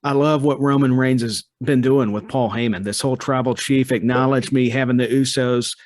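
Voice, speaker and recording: Brief: middle-pitched man, dry close sound, eager podcast guest. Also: fairly even intonation, a little mellow, dry recording. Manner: enthusiastic, talks in quick lists. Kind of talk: casual podcast chat.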